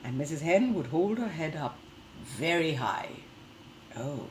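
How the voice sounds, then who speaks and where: Woman teacher, gentle questioning read-aloud for young kids, low voice, very lively pitch, unhurried pace, faint room noise. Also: poor audio. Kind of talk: reading aloud and explaining a story to children.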